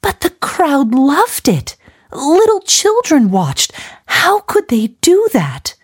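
Woman putting on a high, wailing young missionary woman. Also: wildly swooping pitch, slow pace, full character voice. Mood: distraught. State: crying. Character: young English woman missionary, shocked and sobbing.

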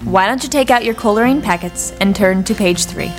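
A woman playing a calm, firm schoolteacher in a radio drama. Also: mid-range voice, a little fast, soft background music, lightly acted. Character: patient firm female schoolteacher.

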